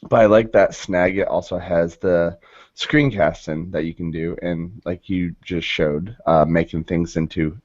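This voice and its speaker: A man's voice: deep voice, fairly even intonation, measured pace, a little mellow, no room sound. A man on a video call panel, chatting about tools in a hesitant way with many ums. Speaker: panelist, educator. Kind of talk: conversational chat. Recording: dull, dry video call audio.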